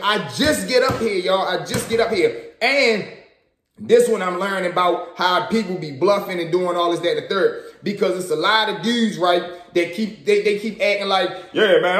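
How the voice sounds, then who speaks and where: A young man from Baltimore with a Baltimore accent, casually telling a story in slangy, animated talk with swearing. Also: high-pitched, echoey room. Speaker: storyteller vlogger.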